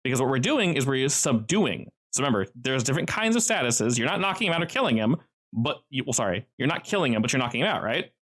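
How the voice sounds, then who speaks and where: A man's voice: medium pitch, big pitch swings, fast, fairly bright tone, breathy edge. A man running a tabletop game as game master, explaining rules and laughing often.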